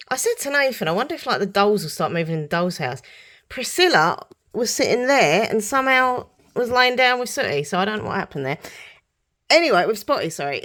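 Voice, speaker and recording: A woman's voice: medium pitch, a bit bright. A woman chatting casually in a home vlog, rambling and giggly, her voice a bit nasal from hay fever. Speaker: vlogger.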